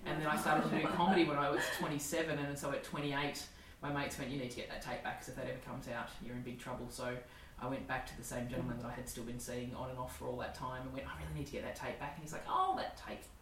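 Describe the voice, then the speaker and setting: A low-pitched Australian woman in her forties talks fast and candidly, laughing through her stories. She sounds a little distant from the mic in an echoey room. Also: little pitch movement, slight background noise. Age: 40s. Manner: candid, swearing, laughing storyteller. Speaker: comedian guest. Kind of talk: casual storytelling chat.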